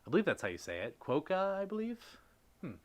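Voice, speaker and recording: A man's voice: sits high, huge pitch swings, fast. A man hosting a live stream, speaking in a heartfelt, rambling way with many fillers, greeting viewers and reading chat messages aloud. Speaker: livestream host.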